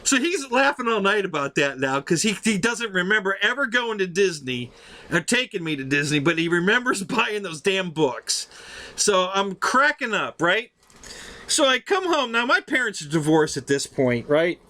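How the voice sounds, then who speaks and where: A man in his fifties hosting a live stream, telling stories in a chatty, animated, profane way. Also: high voice, moderate pace. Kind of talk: casual storytelling on a live stream.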